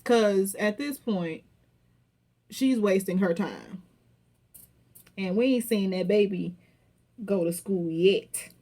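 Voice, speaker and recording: Animated woman recapping a reality show. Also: medium pitch, slow, long pauses. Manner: animated, profane, acts out quotes with laughter. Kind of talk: casual recap commentary.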